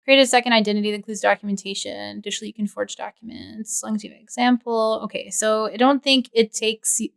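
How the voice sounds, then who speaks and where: A woman's voice: mid-range voice, fairly even intonation, quick pace, vocal fry, few pauses. A woman running a tabletop game as game master, narrating casually with frequent fillers.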